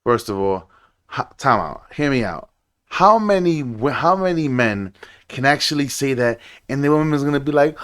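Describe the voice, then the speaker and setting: A man's voice: mid-range voice, very animated, moderate pace, a bit bright. A young man hosting a reaction video, ranting casually and swearing often.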